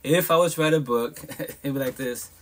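A man's voice: medium pitch, moderate pace. A man hosting a live podcast stream, talking bluntly and profanely in a casual monologue, with emphatic asides. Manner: blunt, profane, emphatic talk with frequent laughs.

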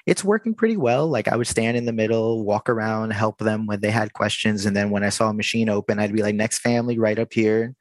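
A man casually telling a story about his job at a theme park, acting out the dialogue in an animated way. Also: on the low side, quick pace, hardly any pauses, no room sound.

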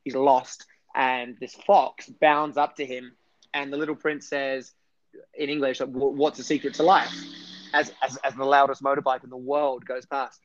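A man's voice: medium pitch, little pitch movement, normal speed, highs cut off. A man talking enthusiastically as a guest in a casual interview, rambling a little with restarts. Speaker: podcast guest.

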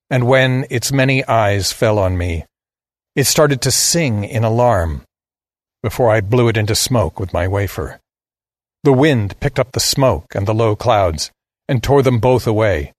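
A man narrating a first-person science fiction story in a measured, grave way. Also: fairly low pitch, dry recording, clean studio sound.

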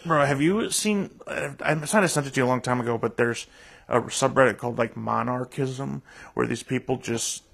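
A man's voice: medium pitch, gravelly. A man co-hosting a podcast, swearing and exclaiming in crude casual banter. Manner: animated, profane, quick to exclaim. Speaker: podcast co-host.

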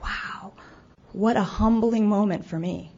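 A woman's voice: mid-range voice, normal speed. A woman giving a candid, self-deprecating recovery talk, stumbling over restarts now and then. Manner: acts out her own past remarks. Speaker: speaker sharing her recovery story. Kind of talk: personal testimony talk. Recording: dull lo-fi event recording.

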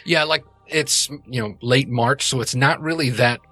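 A man's voice: mid-range voice, normal speed, bright, forceful tone, no echo. A man narrating a tabletop game as game master, rambling and correcting himself as he goes.

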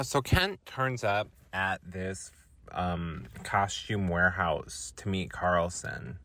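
A man's voice: lowish voice, pushed and bright. A man hosting a podcast, recapping a film in a loose, profane, casual way with many ums and likes.

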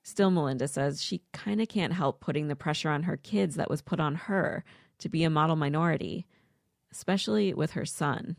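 Low, gravelly woman interviewer. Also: moderate pace, dry recording, clean studio sound. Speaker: interviewer and narrator. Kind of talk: public radio narration and interview.

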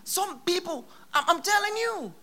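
A pastor preaching a sermon in church, with a bright, ringing voice that swoops widely in pitch. The delivery is emphatic, driving points home by repeating phrases and breaking into sudden loud exclamations. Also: animated, normal speed.

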